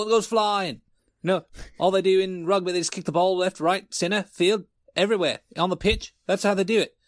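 A man's voice: dry recording, clean studio sound. A man doing a hyped-up put-on Aussie bloke. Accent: put-on Australian. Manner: loud, boastful, pitched up. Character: excitable Aussie man hyping a kicker.

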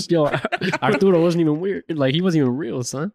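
A man's voice: a little high, moderate pace, gravelly, a little mellow, a little hiss or hum. A young man co-hosting a podcast, teasing and joking with slang like yo and son. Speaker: podcast co-host. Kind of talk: casual chat.

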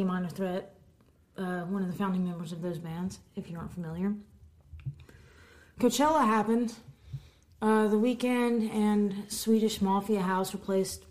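A woman co-hosting a podcast, reading music news headlines in a casual chat with quick asides and the odd stumble over words. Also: mid-range voice, darkish tone. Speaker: podcast co-host.

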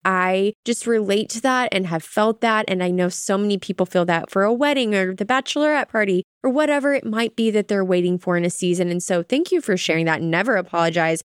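A woman's voice: mid-range voice, a little fast, hardly any pauses, smooth, no room sound, studio quality. A woman co-hosting a faith podcast, speaking in an earnest, reassuring and flowing way. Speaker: podcast co-host. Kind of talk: warm podcast conversation.

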